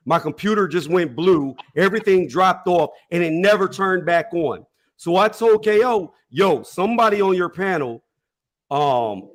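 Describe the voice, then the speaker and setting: A man on a boxing talk panel, insistently laying out his side of an argument at length. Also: on the high side. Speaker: debate panelist. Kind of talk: heated panel debate.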